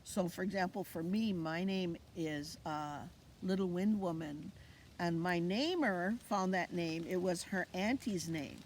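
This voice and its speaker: Animated woman teaching outdoors. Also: on the low side, a little slow, slight background noise. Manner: animated storytelling, acts out quoted voices. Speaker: Indigenous cultural teacher. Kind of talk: informal teaching talk. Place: outdoors on a fall plant walk.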